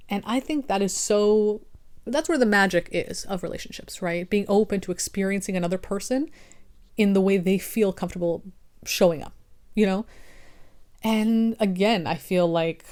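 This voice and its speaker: A woman's voice: lowish voice, a little mellow. A young woman creator talking earnestly about relationships and personal growth, rambling with restarts and fillers. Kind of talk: casual reflective monologue.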